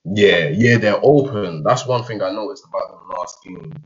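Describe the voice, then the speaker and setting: A man's voice: fairly low pitch, moderate pace. A young man, chatting casually about football, analytical but slangy. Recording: dull lo-fi audio.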